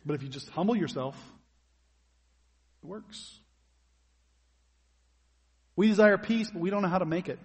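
Male pastor, somewhat high husky voice, chatty sermon with questions to the room, long hall reverb. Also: animated, moderate pace, pauses often, darkish tone, dull audio. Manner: conversational preaching, asks the congregation questions.

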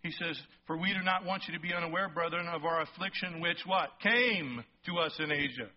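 A male pastor preaching a sermon, emphatic and rising toward near-shouts on key points, often checking in with the congregation. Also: on the high side, fairly quick. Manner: asks the congregation frequent check-in questions. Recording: slightly muffled sermon recording.

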